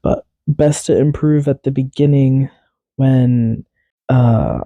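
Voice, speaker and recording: A man's voice: medium pitch, steady tone, takes it slowly, mellow, no room sound, lo-fi sound. A young man hosting a podcast alone, in a casual, rambling, chatty way that often corrects itself mid-sentence. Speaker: podcast host. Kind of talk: casual solo podcast chat.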